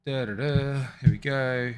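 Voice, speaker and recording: A man's voice: medium pitch, fairly even intonation, measured pace, a little hiss or hum. A man hosting a live stream, chatting casually with viewers, muttering and swearing to himself and then apologizing. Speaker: livestream host.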